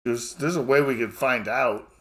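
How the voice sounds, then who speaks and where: A man's voice: medium pitch, moderate pace, a bit bright, slightly rough. A man speaking in character in a tabletop game, playful and teasing. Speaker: tabletop player.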